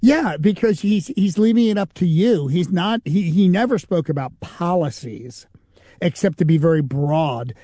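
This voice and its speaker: A man's voice: high-pitched, moderate pace, no echo, clean studio sound. A man, a comedian and impersonator, telling anecdotes in an interview and acting out the people he quotes. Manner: animated anecdotal storytelling, acts out quoted voices. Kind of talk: interview storytelling.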